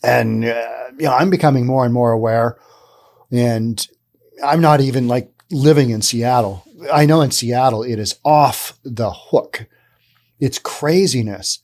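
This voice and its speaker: A man's voice: medium pitch, unhurried, a little mellow. A middle-aged man hosting a solo podcast, talking casually with rambling, sarcastic asides. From Pacific Northwest, US. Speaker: podcast host.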